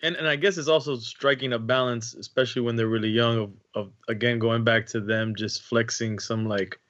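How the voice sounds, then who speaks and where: Bright-voiced joking man, lo-fi. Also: medium pitch, steady tone, brisk. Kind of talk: casual chat.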